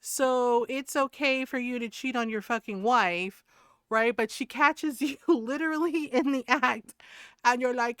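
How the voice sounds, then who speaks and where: A woman's voice: on the high side, unhurried, clean tone, dry recording, studio quality. A woman streamer chatting casually while gaming, telling stories with lots of laughter and swearing. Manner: animated storyteller, swears freely, laughs often.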